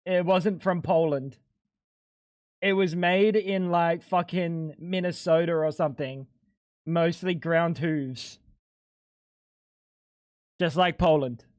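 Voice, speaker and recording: A young man chatting casually on a live stream, animated, swearing and laughing a lot. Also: fairly high pitch, slow pace, pauses often, no echo, clean studio sound.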